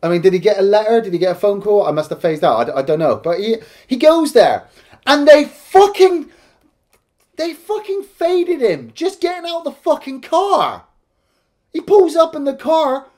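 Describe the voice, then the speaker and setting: A man's voice: very high voice, big pitch swings, normal speed, a little mellow. A man co-hosting a casual film review, ranting with exasperation and constant swearing. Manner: profane, exasperated, heavy swearing.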